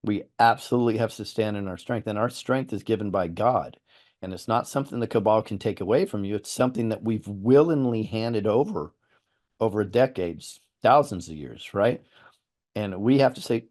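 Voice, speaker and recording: A man's voice: mid-range voice, lively intonation, moderate pace, a little mellow. A man hosting an interview, explaining his views earnestly with examples and often repeating words. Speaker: host. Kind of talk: interview conversation.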